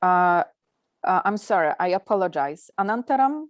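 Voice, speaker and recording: A woman's voice: lowish voice, lively intonation, normal speed, no echo. A woman student in a language class, carefully reading a passage and translating it.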